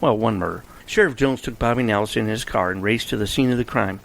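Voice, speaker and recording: A man narrating a storybook in a steady, wry manner. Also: on the low side, fast talker, creaky, rough recording.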